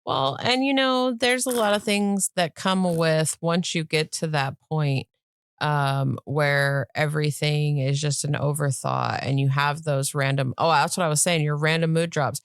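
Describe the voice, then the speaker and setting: A woman's voice: low voice, fairly even intonation, measured pace, smooth, no room sound, studio quality. A woman co-hosting a podcast in casual chat, supportive and teasing as she reflects on what her co-host says.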